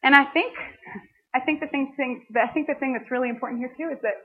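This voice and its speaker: A woman teaching a Bible passage in a relaxed, conversational way, often dropping in "like" as she talks to a group of students. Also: high-pitched, fast, a little hiss or hum. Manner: conversational, frequent "like" asides. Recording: band-limited phone-like sound.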